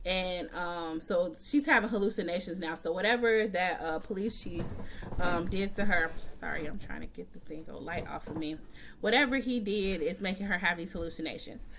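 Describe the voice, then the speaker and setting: With a little hiss or hum in the audio, a TV recap vlogger talks through an episode from a room in her home. Her voice is on the low side and a bit bright, at normal speed, and she's chatty, blunt, and swears a lot.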